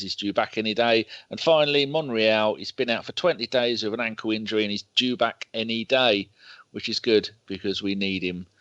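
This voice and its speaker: A man's voice: lowish voice, fairly bright tone, no room sound. A man rambling through football injury news and scores on a casual podcast, swearing as he reads. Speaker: podcast panelist. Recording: dull dry lo-fi call audio.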